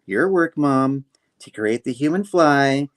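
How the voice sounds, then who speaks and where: A man's voice: mid-range voice, lively intonation, takes it slowly, pitched above the performer's own voice. A man doing a curt, defensive scientist daughter. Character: cyborg-suited daughter, defensive and sarcastic scientist.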